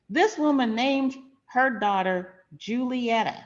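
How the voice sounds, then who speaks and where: A woman's voice: fairly high pitch, a little slow, muffled recording. A middle-aged woman hosting a finance channel, telling a personal story in a frank, emphatic, conversational way.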